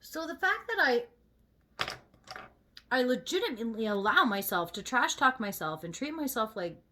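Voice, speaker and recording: A woman's voice: on the high side, very animated, moderate pace, pushed and bright. A woman vlogger chatting casually while she gets ready, venting in a candid and emphatic way.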